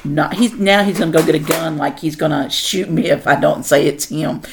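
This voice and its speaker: A woman's voice: low-pitched, moderate pace, vocal fry, noisy background. A middle-aged woman hosting a casual podcast chat at home with her son, teasing and laughing. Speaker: podcast host.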